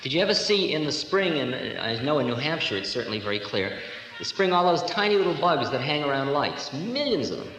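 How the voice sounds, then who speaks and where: A man's voice: fairly high pitch, big pitch swings, fairly quick, fairly bright tone. A man in his forties giving a humorous, storytelling spiritual lecture to a live audience. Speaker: spiritual teacher. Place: lecture hall. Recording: echoey 1970s hall recording with hiss.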